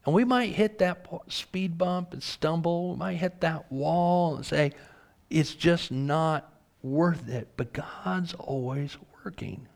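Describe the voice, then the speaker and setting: A man's voice: high voice, unhurried, creaky, few pauses, darkish tone. A man preaching a sermon, reading scripture aloud and asking earnest rhetorical questions.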